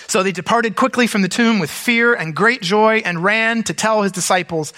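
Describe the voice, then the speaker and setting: A man preaching an Easter sermon as pastor, reading scripture aloud and breaking in with relaxed, conversational comments. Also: sits high, normal speed, in a large hall.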